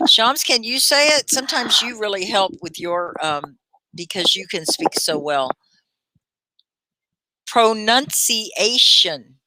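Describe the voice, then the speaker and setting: A woman hosting a live English lesson who encourages and praises her learners by name and models words slowly, syllable by syllable. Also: mid-range voice, sharp tone, no echo. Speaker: ESL teacher and live-stream host.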